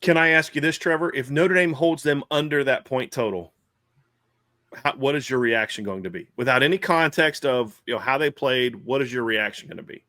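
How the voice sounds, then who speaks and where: A man's voice: mid-range voice, normal speed, pushed and bright, no echo. Man, casual sports podcast co-host, fillers and restarts, dry close recording. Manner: conversational, many fillers and restarts.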